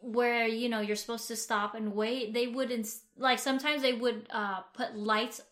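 Bright, chatty American woman. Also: a little high, little pitch movement, normal speed. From United States. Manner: chatty and rambling, with many fillers and restarts. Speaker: podcast co-host. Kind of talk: casual chat.

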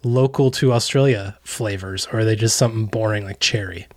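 A man's voice: lowish voice, brisk. An American man co-hosting a casual chat, riffing with jokey, exaggerated asides. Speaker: co-host.

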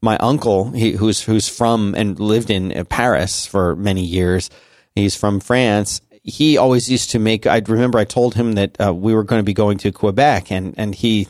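A man's voice: lowish voice, normal speed, a little mellow, dry recording, studio quality. A man in his forties chatting casually on a podcast, rambling with many restarts and fillers. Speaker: podcast co-host. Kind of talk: casual conversational chat.

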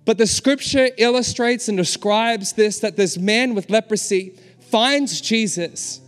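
A man's voice: high-pitched, unhurried. A pastor delivering an impassioned, emphatic sermon, often urging his listeners with "come on.". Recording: long hall reverb with faint music behind.

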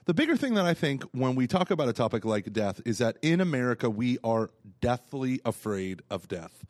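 A man's voice: medium pitch, big pitch swings, brisk, no echo. Dry, jokey male podcast co-host. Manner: jokey, laughs often, teasing. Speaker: podcast co-host, parish evangelization coordinator. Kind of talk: casual chat.

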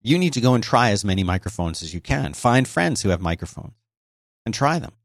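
Speaking into a close, noise-gated dynamic mic in his home office by a busy highway, a man hosts a casual solo podcast. He explains things conversationally and restarts often, in a lowish voice with big pitch swings and a fairly quick pace. There's no echo.

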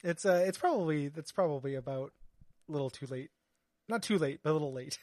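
A man's voice: on the high side, brisk, a little mellow, no room sound. A man hosting a casual podcast, bantering and laughing often with his co-host.

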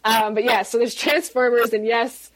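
A woman's voice: on the high side, steady tone, a little slow. A woman author talking casually in a podcast interview, rambling with many ums and restarts and laughing often. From United States. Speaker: guest author.

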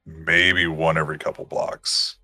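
A man narrating as game master in a tabletop game, describing scenes in a measured way. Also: extremely low pitch, little pitch movement, sharp tone, dry recording, faint music behind.

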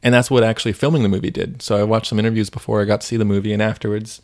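A man's voice: on the low side, little pitch movement, rapid-fire. A man co-hosting a faith podcast, chatting casually and retelling stories with many fillers. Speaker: podcast co-host.

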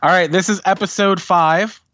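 A man hosting a podcast, chatting casually and recapping a TV episode with lively storytelling. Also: high-pitched, moderate pace, no room sound, highs cut off. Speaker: podcast host doing recaps.

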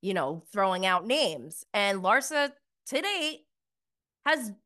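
A woman giving a casual, chatty recap review, emphatic and quick to laugh, with lots of "like". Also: medium pitch, sing-song, bright, forceful tone.

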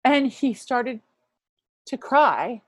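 A woman in her fifties sharing a personal faith testimony as an interview guest, earnest and reflective, often dropping to a hushed voice. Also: high voice, big pitch swings, very slow, breathy edge, dry recording. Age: 50s.

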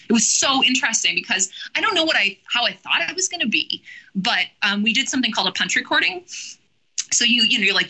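A woman author and teacher as an interview guest, talking in an animated, chatty way with many restarts and fillers. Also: mid-range voice, poor audio. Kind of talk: casual podcast interview.

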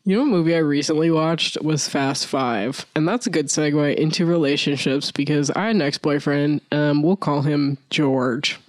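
A man's voice: a little high, steady tone, moderate pace, hardly any pauses, no echo. A young man co-hosting a podcast in casual chat, rambling and laughing often, getting over an illness. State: recovering from illness. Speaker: podcast co-host.

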